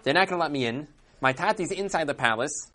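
A woman's voice: deep voice, lively intonation, fast talker, a bit bright. A woman voicing a lost young prince in a told parable, asking himself anxious questions. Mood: worried.

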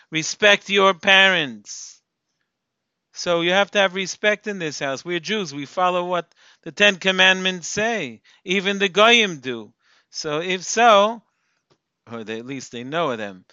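A man's voice: on the high side, bright, forceful tone, dry recording, dull audio. A man giving a spoken Torah lecture, asking rhetorical questions and using Yiddish terms. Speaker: lecturer on Jewish topics.

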